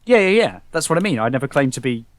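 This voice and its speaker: A man's voice: mid-range voice, big pitch swings, fast talker, no echo. Man, british accent, blunt, argumentative, podcast co-host, dry close sound. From England. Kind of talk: casual argument among friends.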